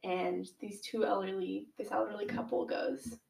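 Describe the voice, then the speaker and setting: A woman's voice: mid-range voice, moderate pace, gravelly, roomy sound, rough recording. A teenage girl telling a dramatic story from her own life in casual chat, full of "like"s and acted-out quotes. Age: teens. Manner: animated, dramatic retelling with many "like"s.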